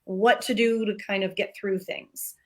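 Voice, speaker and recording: A woman's voice: medium pitch, fairly even intonation, unhurried. A woman in her forties from California, a guest in a live interview, answering modestly and a bit hesitantly. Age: 40s. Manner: modest, hesitant, short replies.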